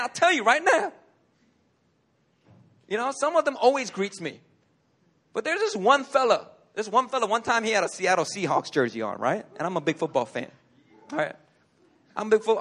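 Animated high-voiced male pastor. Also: brisk, long pauses. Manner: conversational, animated storytelling with laughs. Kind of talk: sermon. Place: church.

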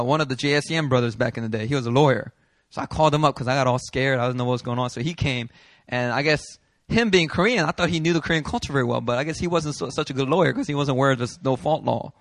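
A man preaching a sermon as a pastor, telling a story in an animated way, acting out the people he quotes and laughing as he goes. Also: mid-range voice, fairly quick, dry recording. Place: church hall.

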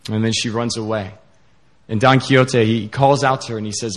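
A man preaching a sermon in an earnest, halting way, with many fillers. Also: on the low side.

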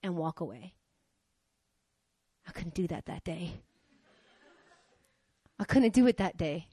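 A woman preaching a sermon who tells candid personal stories and acts out the dialogue with lively energy. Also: on the low side, slow pace, breathy edge, no echo. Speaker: preacher, pastor's wife.

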